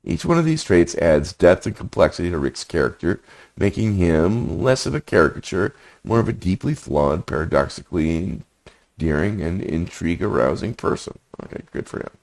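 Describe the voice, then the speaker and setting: A man's voice: low-pitched, very animated, normal speed, darkish tone. A man walking through a screen demo, reading generated text aloud and muttering his thoughts between passages. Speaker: prompt engineering instructor.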